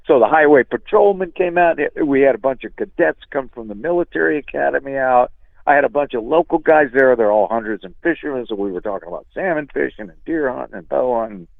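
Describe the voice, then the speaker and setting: A man with a gravelly, rough-edged voice spins an animated, salty story, calling his listener "dude" along the way. His voice comes through a thin, phone-like line with no room sound around it. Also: medium pitch, fast, dry recording. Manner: animated, profane, peppers talk with "dude". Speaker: guest musician. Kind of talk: casual storytelling. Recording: tinny phone line, dry.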